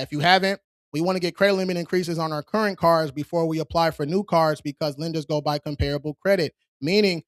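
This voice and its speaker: A man's voice: a little high, a bit bright, no echo, studio quality. Casual streetwise man hosting a livestream. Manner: casual, streetwise, reads chat questions aloud and answers directly. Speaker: credit repair livestream host. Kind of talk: casual live-stream Q&A.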